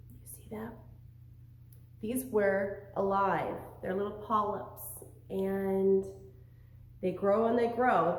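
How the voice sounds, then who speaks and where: A woman teaching a lesson to young children, asking questions in a sing-song, animated way. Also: mid-range voice. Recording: very echoey room.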